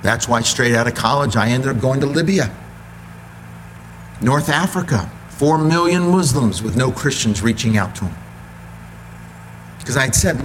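A man preaching a sermon with animated storytelling, acting out voices. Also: medium pitch, moderate pace, slight background noise.

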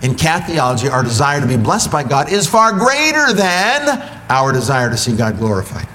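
A man delivering a sermon in an animated storytelling manner, slipping into voices as he goes. His pitch sits in a middle range. Faint noise sits behind him. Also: normal speed. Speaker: preacher.

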